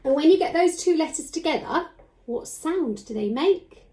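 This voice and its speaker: A woman teaching a children's phonics lesson from home, encouraging and slowly sounding out letters. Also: sits high, expressive, warm tone.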